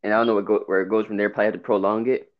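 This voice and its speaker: A man's voice: lowish voice, level tone, very fast. A young man giving casual wrestling opinions in a laid-back way, repeating his slang. The sound is a bit dull and lo-fi. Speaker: podcast co-host.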